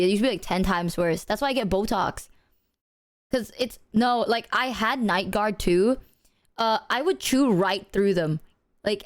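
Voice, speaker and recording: A young woman in casual chat, telling animated stories, cursing freely and mimicking voices. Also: medium pitch. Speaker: streamer.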